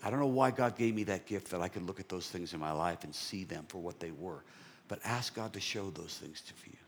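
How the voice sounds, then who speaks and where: A man giving a sermon testimony, telling his story in an animated way and dropping to soft whispers. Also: low-pitched, fairly quick, slight background noise.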